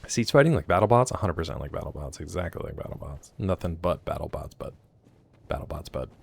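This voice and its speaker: Brief: male game streamer, very deep voice, casual joking commentary, talks to chat. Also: expressive, fast, vocal fry, darkish tone, husky. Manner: chatty and joking, reacting aloud and talking to chat. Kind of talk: casual live gameplay commentary.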